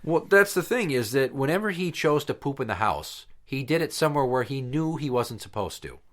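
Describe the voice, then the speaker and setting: A man's voice: mid-range voice, very animated, fairly quick. Profane man telling crude stories. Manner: profane storyteller, acts out voices mid-story. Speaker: podcast co-host. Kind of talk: crude casual chat.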